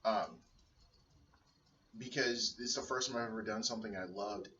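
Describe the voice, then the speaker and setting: A man's voice: fairly low pitch, moderate pace, pushed and bright, slight background noise. A man in his thirties talking earnestly into a video blog, rambling with many restarts and fillers. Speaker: personal trainer and stay-at-home dad. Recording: roomy, dull sound from a distance.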